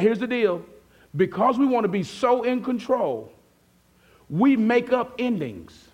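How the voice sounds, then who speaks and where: A man's voice: very high-pitched, big pitch swings, moderate pace. A male pastor preaching a sermon in a conversational way, often asking the congregation questions and acting out their replies. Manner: acts out listeners' replies in a softer voice.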